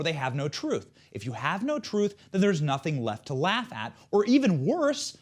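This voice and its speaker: A man hosting a show, delivering scripted political commentary in a mocking, sarcastic way. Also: fairly high pitch. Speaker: show host.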